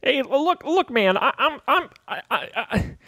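A man's voice: very high voice, big pitch swings, measured pace, gravelly, sharp tone, no echo, studio quality, voice pushed up, full character voice. A man voicing a nervous young male intern who guards a door, stammering and apologetic.

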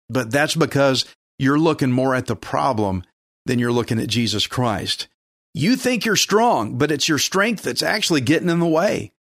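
A man's voice: fairly high pitch, a bit bright, no room sound, studio quality. A man preaching a sermon in an urgent, emphatic, exhorting way.

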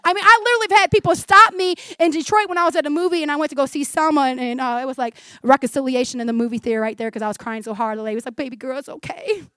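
High-voiced animated woman preacher. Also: rapid-fire, few pauses, no echo. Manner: animated, acts out the scripture voices, laughs often. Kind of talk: sermon.

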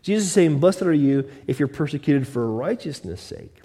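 A man's voice: fairly high pitch, animated, moderate pace, dark tone, slightly rough, in a large hall. A male pastor preaching a conversational sermon, slipping into mock voices of his listeners.

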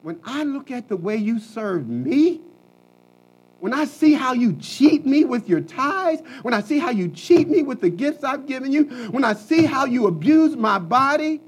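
A male preacher voicing a stern, offended God who scolds lazy churchgoers with shouted, emphatic lines. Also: extremely high pitch, sing-song, measured pace, voice pushed up, exaggerated voice, rough recording. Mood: indignant.

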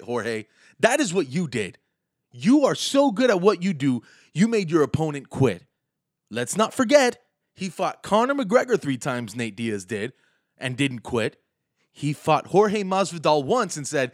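A man's voice: fairly high pitch, sing-song, normal speed, dry recording, studio quality. A man with a slight lisp hosting a podcast, delivering a sarcastic, mocking comedic rant. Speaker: podcast host and stand-up comedian.

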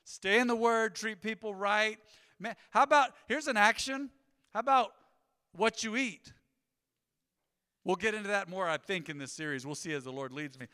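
High, bright-voiced preaching man. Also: moderate pace, clean tone, big-room sound. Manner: energetic, conversational preaching with asides. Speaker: pastor. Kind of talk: sermon. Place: church sanctuary.

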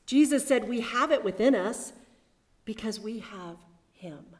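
A woman preaching a sermon at a chapel, measured and reflective, with personal asides. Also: fairly high pitch, animated.

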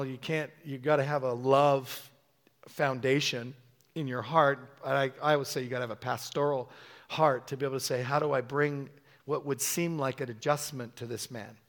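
A middle-aged man preaching a sermon, telling a story with animated quoted voices. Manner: animated storytelling, acting out quotes with sudden high-pitched bursts.

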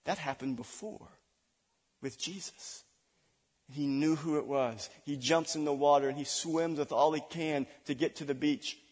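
Man, pastor, sermon, fairly high voice, dramatic swings from loud to hushed. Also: a little slow, husky. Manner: dramatic preaching, swinging between loud declarations and hushed asides. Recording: long reverb of a large hall.

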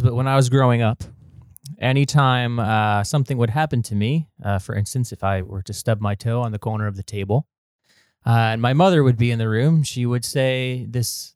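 Measured man hosting, dry sound. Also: mid-range voice, no room sound. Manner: measured, gently humorous, says yes often. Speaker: podcast host, religious brother. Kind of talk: casual chat, hosting.

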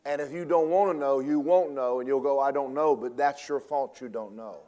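A man preaching a sermon in a folksy, emphatic way, swinging between loud and soft and fast and slow for effect. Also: medium pitch, steady tone. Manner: folksy, emphatic, varies loudness and pace for effect.

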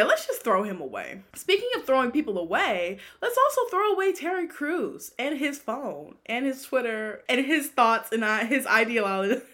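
A woman's voice: a little high, fairly bright tone. A young woman hosting a casual gossip podcast, sassy and laughing often, trailing off in exasperation. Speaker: podcast host.

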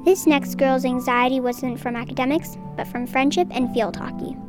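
A woman with a high voice reads a scripted introduction as host. She speaks in an even, measured way. Loud music plays behind her. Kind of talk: scripted narration.

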